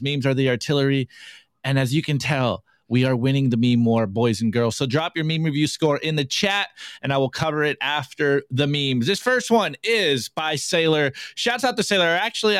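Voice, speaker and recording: A man hosting a live podcast, reviewing memes in an energetic, casual way and hyping up his audience with catchphrases. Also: on the high side, no room sound, studio quality. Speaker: podcast host.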